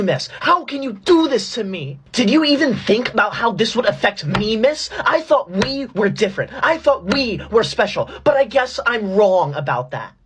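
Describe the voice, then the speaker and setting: A woman's voice: medium pitch, slightly rough, exaggerated voice. A woman playing a self-righteous, tattling know-it-all schoolgirl in a comedy skit. She talks in a whiny, overdramatic way. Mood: dramatic.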